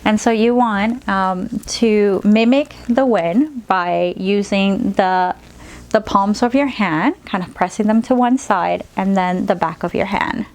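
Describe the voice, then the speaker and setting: Gentle woman teaching a storytelling technique. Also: medium pitch. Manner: gentle, slow storytelling voice mixed with practical instructions. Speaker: play therapist. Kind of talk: instructional demonstration.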